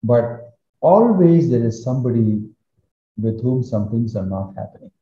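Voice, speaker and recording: A man with a very dark, mellow voice tells a sacred story as a spiritual teacher. He builds with emphatic rises. The recording is roomy and slightly dull. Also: mid-range voice, a little slow, a little hiss or hum. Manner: animated retelling with emphatic rises. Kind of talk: storytelling discourse.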